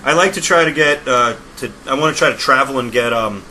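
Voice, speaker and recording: A man with a bright, forceful voice rambling through a story in a casual podcast chat. He laughs easily and restarts his sentences as he goes. A faint hiss of noise sits under the recording. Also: mid-range voice, brisk, poor audio. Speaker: guest, sign maker. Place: podcast studio.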